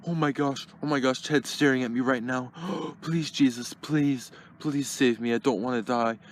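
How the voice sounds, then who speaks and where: A man's voice: mid-range voice, steady tone, a little hiss or hum, lightly acted. A man voicing an old, frightened male plush frog in a puppet comedy, begging and praying melodramatically. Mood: pleading. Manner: pleading and melodramatic, slow begging prayers.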